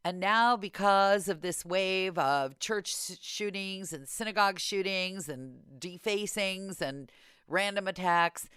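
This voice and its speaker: A woman hosting a podcast in casual chat, telling stories in an animated, exasperated way. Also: medium pitch, slow, clear, resonant tone, dry recording, clean studio sound. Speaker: podcast host.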